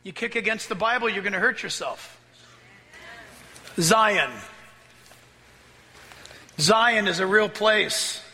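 A pastor preaching a sermon with excitable energy, often laughing and rising into shouts as he reads scripture. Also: high voice, takes it slowly, long pauses. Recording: long reverb of a large hall.

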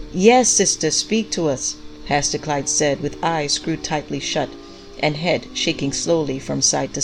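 A woman reading a story aloud in a measured, unhurried way. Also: low voice, poor audio. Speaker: narrator. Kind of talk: audiobook story narration. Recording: faint background music.

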